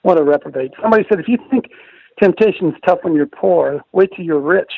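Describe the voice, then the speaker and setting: Older male radio host, emphatic and preachy, high gravelly voice, muffled dry studio recording. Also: fairly quick, dry recording. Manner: emphatic, preachy, repeats phrases for stress. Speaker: radio host, ministry leader. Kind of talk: conservative Christian radio talk.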